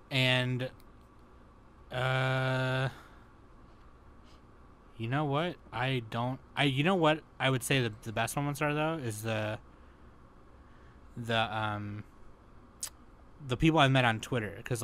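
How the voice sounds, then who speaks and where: A man's voice: mid-range voice, fairly bright tone, a little hiss or hum. A man co-hosting a podcast, rambling through casual chat and swearing freely. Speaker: podcast co-host.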